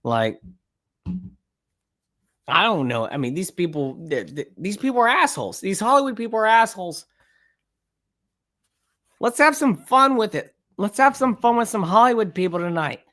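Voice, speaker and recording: A male podcast host reacts to a clip in casual, profane rants. His pitch swings up and down a lot as he gets worked up. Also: moderate pace, pauses often. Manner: ranting, profane, animated.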